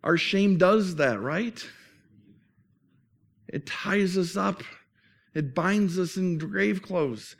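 A man's voice: sits high, extremely slow, pauses often. A man preaching a sermon as pastor, earnest and conversational, often restarting phrases.

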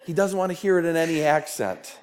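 Pastor with a Minnesota accent, earnest sermon delivery, stumbles and repeats as he pleads; voice sits a bit high. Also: brisk.

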